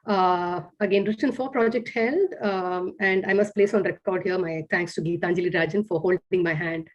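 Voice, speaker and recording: A middle-aged woman with a soft, breathy voice reads her own poems over a video call. She lingers on each line with measured care. Between poems her framing remarks come with hesitant fillers. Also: lowish voice, lo-fi sound. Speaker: poet reading her work. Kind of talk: online poetry reading.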